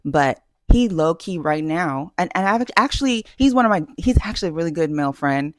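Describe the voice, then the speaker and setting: A woman's voice: on the low side, expressive, brisk, no echo, clean studio sound. A woman vlogger giving dating advice in a casual, self-assured way, emphatic and full of fillers and restarts. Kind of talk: casual talking-head advice.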